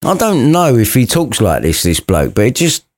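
A man's voice: mid-range voice, sing-song, moderate pace, dry recording. A man retelling a classic story as a crude, irreverent comedy, full of sweary asides.

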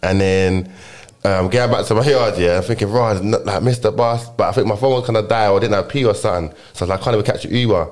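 A man's voice: lowish voice, fast, a little mellow. Young London man telling a rambling story. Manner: rambling, heavy London slang, frequent restarts. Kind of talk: casual chat.

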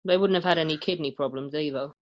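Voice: mid-range voice, quick pace, lo-fi sound. Host, casual panel podcast, wry, laughs a lot. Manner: laughs often, wry asides.

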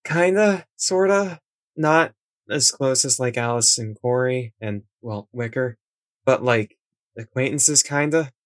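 A man's voice: mid-range voice, no echo. A man playing his character in a tabletop game, speaking hesitantly with many restarts. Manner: hesitant, halting, often restarts. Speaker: player. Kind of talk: tabletop role-play.

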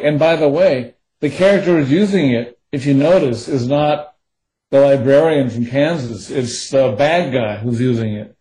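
Guy author in an interview, mellow warm tone, lots of ums, kinda thinking out loud. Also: medium pitch, normal speed, low-quality recording. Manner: thoughtful, hesitant with many fillers. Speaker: novelist and co-author. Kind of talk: interview conversation.

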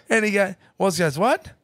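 Animated swearing storyteller man, dry sound. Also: mid-range voice, moderate pace, no echo. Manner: animated yarn-teller, swears freely, acts out others' lines. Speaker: podcast guest. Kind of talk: casual storytelling chat.

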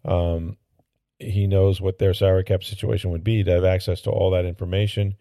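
A man with a low, gravelly voice talks sports in a loose, opinionated way, circling back with plenty of "um"s and "you know"s. His tone is dark and mellow. The recording is close and dry. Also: flat delivery, a little fast, no echo. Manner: rambling and opinionated, with frequent fillers and restarts. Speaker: sports podcast host. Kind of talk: casual sports talk commentary.

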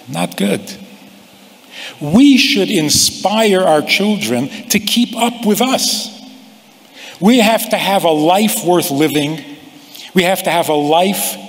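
Slow-preaching man in a reverberant hall. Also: fairly high pitch. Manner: slow, deliberate preaching with quoted voices. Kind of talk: sermon.

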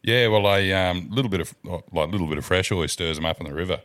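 An Australian man appears as a podcast guest in a casual chat, laid-back and swearing casually while giving detailed accounts. He speaks with a low, fairly bright voice at a quick pace.

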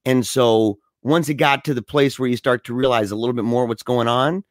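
A man telling a story in casual chat with a co-host, animated and slangy, laughing often as he talks. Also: mid-range voice, a little fast, dry recording, clean studio sound. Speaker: podcast co-host.

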